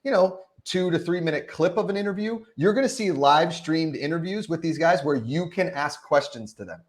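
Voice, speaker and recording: A man's voice: on the high side, moderate pace. A man in his thirties hosting a casual live stream, upbeat and reading out chat questions. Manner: upbeat, hypes viewers, reads chat questions. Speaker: host.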